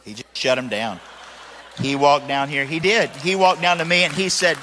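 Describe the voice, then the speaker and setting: A man telling his conversion story in a sermon, animated and acting out the voices of the people in it. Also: a little high, moderate pace, in a large hall, a little hiss or hum. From Tennessee, US. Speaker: preacher giving his testimony.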